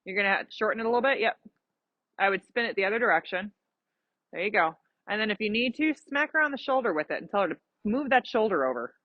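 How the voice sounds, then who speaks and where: A woman's voice: medium pitch, lively intonation, fast, no room sound, dull audio. A woman coaching a rider through a lesson, explaining patiently with examples and giving encouragement. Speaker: riding instructor. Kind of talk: live coaching during a riding lesson.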